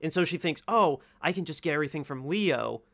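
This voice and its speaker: A man gushes about a film in casual podcast talk, enthusiastic and quick to laugh. His voice sits a little high, with a bright, forward edge. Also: expressive, creaky. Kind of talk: casual movie review chat.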